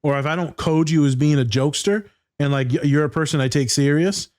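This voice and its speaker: A man's voice: a little high, fairly quick, darkish tone. A man hosting a casual podcast chat, talking candidly and swearing, acting out quoted exchanges. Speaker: podcast host.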